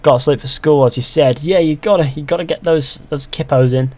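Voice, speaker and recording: A man's voice: a little high, fairly quick, a little mellow. A young man live-streaming a game, chatting casually, reading viewer comments aloud and answering with dry sarcasm. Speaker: gaming streamer. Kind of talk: casual live-stream chat while playing.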